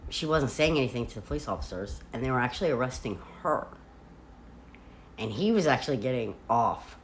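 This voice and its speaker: A woman vlogger chatting casually from a hotel room, retelling events in an animated way with lots of "like.". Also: a bass voice. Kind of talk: casual storytelling.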